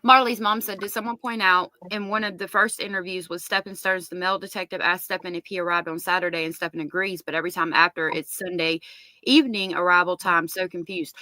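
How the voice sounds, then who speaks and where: A woman hosts a casual livestream. She reads viewer comments aloud and chats about them. Her voice is bright and forward, and the sound is close and dry with no room. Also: fairly low pitch, steady tone, fast talker, no room sound. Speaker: livestream host.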